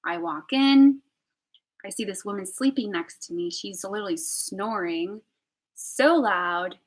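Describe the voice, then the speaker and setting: A young woman telling a personal story on a live stream, candid and emotional, swinging between loud outbursts and hushed whispers. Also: mid-range voice, a little slow, rough recording. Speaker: vlogger.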